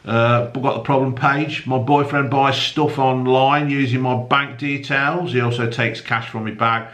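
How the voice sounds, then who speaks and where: A man's voice: medium pitch, steady tone, measured pace, a bit bright. Sweary man reading the papers. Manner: swears heavily, mocking asides. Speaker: newspaper review host. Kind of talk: casual solo newspaper review with rants.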